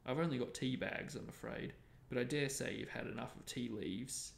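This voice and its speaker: A man reading a book aloud, voicing a kind, calm male teacher with a friendly manner. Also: mid-range voice, normal speed, gravelly. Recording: roomy echo.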